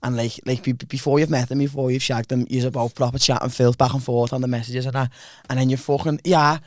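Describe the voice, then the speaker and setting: A man's voice: mid-range voice, flat delivery, quick pace, no echo, clean studio sound. A young man, joking and teasing in casual podcast banter. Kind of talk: casual chat.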